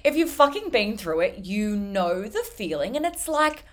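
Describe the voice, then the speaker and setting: Young woman, solo podcast host; blunt, foul-mouthed, filler-heavy chat that swings loud and soft. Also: a little high, moderate pace, hardly any pauses. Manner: animated, jumps between loud and soft. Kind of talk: casual solo podcast monologue.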